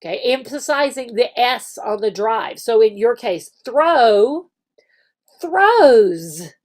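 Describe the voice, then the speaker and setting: A woman's voice: on the high side, measured pace, a little mellow. A woman teacher casually explaining how an online classroom works, with frequent fillers and restarts. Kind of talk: screen-share tutorial walkthrough.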